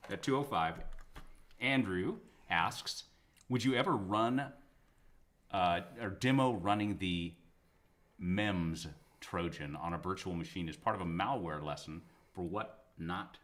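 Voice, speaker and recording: A man co-hosting a live tech Q&A, reading out viewer questions with dry, deadpan asides. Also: low-pitched, measured pace. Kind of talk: live Q&A stream.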